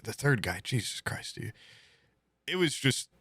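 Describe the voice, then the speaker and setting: Animated young man, dry close mic. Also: mid-range voice, a little slow, slightly rough, no room sound. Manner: animated storyteller, acts out quotes in exaggerated voices. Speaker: podcast co-host. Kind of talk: casual chat.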